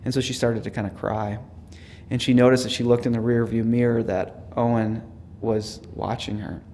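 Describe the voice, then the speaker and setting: A man, a theology professor, giving a reflective teaching talk with personal stories, earnest and dropping to a hush for quoted words. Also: medium pitch, little pitch movement, moderate pace, a little hiss or hum.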